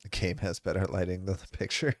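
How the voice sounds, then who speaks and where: A man's voice: low-pitched, fairly quick, dry recording, studio quality. A man co-hosting a gaming news show, chatting in a laid-back, joking way. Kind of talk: casual gaming news chat.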